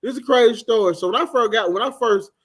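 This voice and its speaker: A middle-aged man co-hosting a casual chat, telling animated, profane stories and acting out the people he quotes. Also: very high-pitched, fast. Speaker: co-host.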